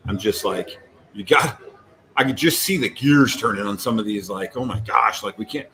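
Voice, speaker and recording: A man's voice: fairly low pitch, moderate pace. Rambling man telling stories casually. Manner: rambling, animated storytelling with many fillers. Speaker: co-host. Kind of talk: casual chat.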